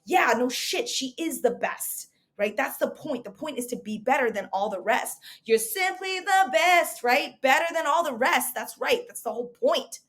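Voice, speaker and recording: Emphatic, high-voiced woman recruitment coach. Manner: energetic, emphatic, repeats rhetorical questions. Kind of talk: motivational market update talk.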